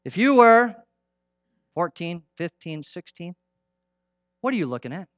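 Emphatic bright-voiced male preacher. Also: high-pitched, big pitch swings, a little slow, dry recording, muffled recording. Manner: earnest, emphatic, repeats key lines, swings between loud and hushed. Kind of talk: sermon.

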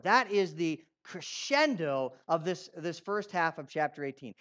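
A man preaching a sermon, swinging between loud declarations and quiet asides, putting questions to his congregation. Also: a little high, big pitch swings, unhurried, hardly any pauses. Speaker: pastor. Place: church.

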